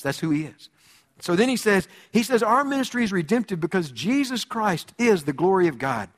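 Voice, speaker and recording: A pastor preaching a sermon, repeating key phrases and swinging between loud high passages and low, quiet ones. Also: male voice, big pitch swings, brisk. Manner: preaching with sweeping rises and drops in pitch and volume.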